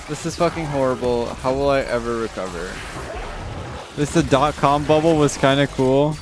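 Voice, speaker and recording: With long pauses and an unhurried pace, a man on a live stream rants casually about the chat comments he's reading. He swears frequently, his tone climbs in exasperation, and background noise is audible.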